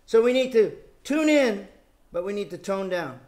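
A middle-aged man giving a Bible lecture, speaking in a measured way and repeating key phrases for emphasis. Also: sits high, very animated, a little mellow. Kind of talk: sermon.

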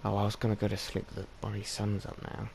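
Gaming host: guy, low and a bit gravelly, chatty let's-play narration that keeps talking to his pets. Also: monotone, fast talker, darkish tone, slight background noise. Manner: chatty, coaxes his in-game pets along. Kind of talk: casual let's-play commentary.

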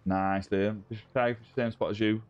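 A man's voice: on the low side, fairly even intonation, moderate pace, dry recording, dull audio. A man hosting a live gaming stream, chatting casually with viewers and greeting them by name. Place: indoor room with ring light.

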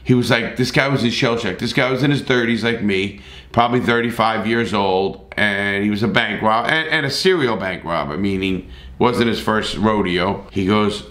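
A man's voice: lowish voice, normal speed, fairly bright tone, reverberant. A middle-aged man telling a story in a blunt, profane, casual way, with repeated starts.

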